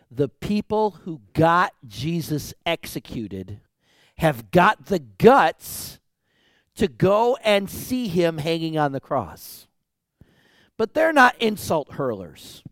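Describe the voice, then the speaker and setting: A male preacher delivers his sermon in a fairly high voice, rising and falling with lots of expression. He talks conversationally with his congregation, and the sound is close and dry. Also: dry recording.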